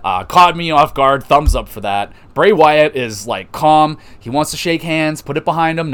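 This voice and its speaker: A man hosting a podcast, recapping wrestling matches in a loose, excitable way, swearing and laughing often. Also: fairly high pitch, moderate pace, few pauses, smooth. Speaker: podcast host reviewing wrestling. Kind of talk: casual recap.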